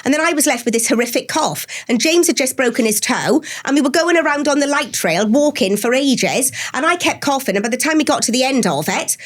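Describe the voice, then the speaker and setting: A Welsh woman in her forties, a podcast guest, chatting in an animated way and gasping as she tells her stories. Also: high-pitched, fairly quick, hardly any pauses. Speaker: celebrity guest. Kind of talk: casual chat.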